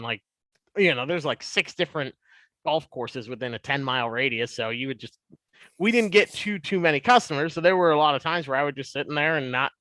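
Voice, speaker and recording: A man in his twenties, a podcast guest, telling stories in a casual, animated way. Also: a little high, no room sound. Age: 20s. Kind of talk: casual storytelling.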